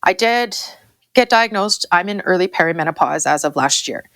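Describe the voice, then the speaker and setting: A woman's voice: lowish voice, lively intonation, normal speed, a bit bright, no echo, studio quality. A woman in her forties with a Canadian accent, a farmer speaking openly and emotionally as a podcast guest. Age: 40s. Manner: emotional, open, repeats herself. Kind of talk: candid interview talk.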